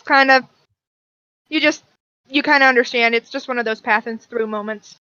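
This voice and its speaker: A woman narrating as game master of a tabletop game, explaining rulings in a halting, plain way. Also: fairly high pitch, bright, forceful tone, smooth, dry recording, muffled recording.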